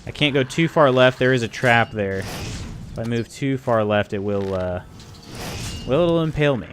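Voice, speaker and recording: A man's voice: medium pitch, animated, moderate pace, fairly bright tone, slight background noise. Chatty male gaming streamer. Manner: chatty, thinks aloud, talks to viewers. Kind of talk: casual live gameplay commentary.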